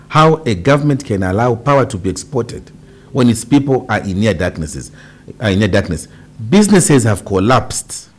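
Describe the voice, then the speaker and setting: Impassioned Zambian man, lively pitch. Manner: impassioned, emphatic, rhetorical questions. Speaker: politician guest. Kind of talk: radio interview.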